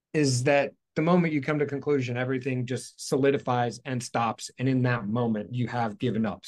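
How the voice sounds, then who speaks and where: A man's voice: medium pitch, darkish tone. Rambling man musing on spiritual ideas. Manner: rambling, self-correcting, playful asides. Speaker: host. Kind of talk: casual spiritual talk. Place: outdoors in hot weather.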